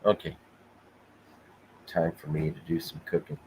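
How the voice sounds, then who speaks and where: A man from Oklahoma co-hosting a casual live podcast, joking in a dry, deadpan way. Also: rumbling low, unhurried, a little hiss or hum, rough recording. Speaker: podcast co-host.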